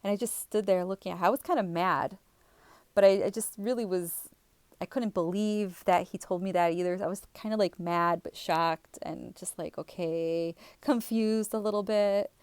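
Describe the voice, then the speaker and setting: A woman's voice: mid-range voice, steady tone, moderate pace, a little mellow, clean tone, no room sound. A woman vlogger telling a personal story to her viewers in a chatty, rambling way, with fillers and restarts. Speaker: spiritual vlogger.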